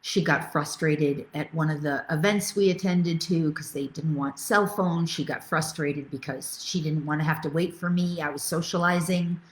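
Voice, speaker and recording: A middle-aged woman coaches a live online group with bright enthusiasm, reading out viewers' comments and answering them. Her voice sits on the low side. The sound carries a noticeable room echo. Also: fairly even intonation, moderate pace, hardly any pauses, slight background noise. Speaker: spiritual coach. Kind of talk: live webinar teaching.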